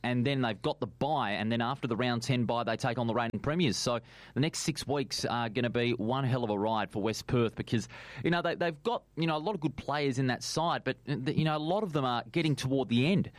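A man's voice: medium pitch, a little fast, no room sound. A man giving a radio sports analysis, talking steadily with many fillers. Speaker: sports pundit.

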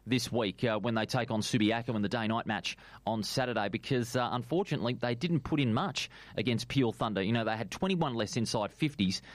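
A man's voice: medium pitch, a little fast, few pauses, no echo. A man giving a radio sports analysis, talking steadily with many fillers. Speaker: sports pundit.

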